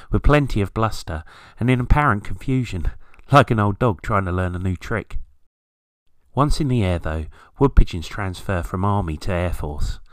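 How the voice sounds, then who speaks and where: With a lowish voice and no echo in the recording, this British podcast host reads a scripted show on garden birds. He tells it like a story, dryly, tossing in playful asides.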